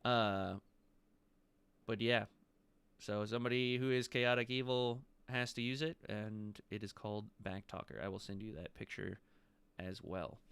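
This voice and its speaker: A man's voice: medium pitch, fairly bright tone, clear, resonant tone, dry recording. A man acting as game master, explaining rules and items in a matter-of-fact way. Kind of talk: narrating a tabletop game.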